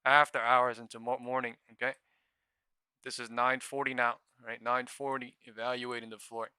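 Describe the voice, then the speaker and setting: A young man running a live trading stream with a bright, ringing, very forceful voice. He talks in crisp, clean tones, swears freely, and jumps between excited outbursts and quick market calls. The sound is dry and close, with no room around it. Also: medium pitch, dry recording. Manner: swears a lot, bursts into shouting and laughter. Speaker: day-trading livestream host. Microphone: new studio mic.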